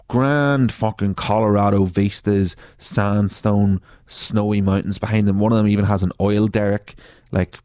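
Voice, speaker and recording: A man's voice: sits low, warm tone, dry recording. A man hosting a comedy podcast, reading out social media posts and mocking them with sarcastic, profane asides. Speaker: podcast host.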